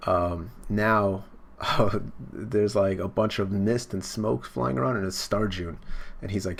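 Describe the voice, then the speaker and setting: Gravelly man rambling through a manga chapter. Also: lowish voice, steady tone, a little slow. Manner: rambling, filler-heavy, swears casually. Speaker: manga reaction YouTuber. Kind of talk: casual manga chapter read-along.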